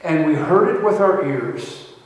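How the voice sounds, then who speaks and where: A man's voice: a little high, expressive, measured pace. A male pastor preaching a sermon, reading scripture aloud and then explaining it with restarts and fillers. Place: church sanctuary. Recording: echoey church hall, mic at a distance.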